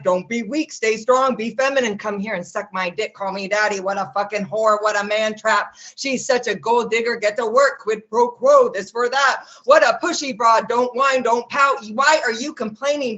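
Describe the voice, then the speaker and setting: A woman performing spoken word poetry at an open mic over a video call, with a rapid-fire, rhythmic list delivery and sharp mocking jabs. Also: fairly high pitch. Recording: muffled lo-fi video call audio.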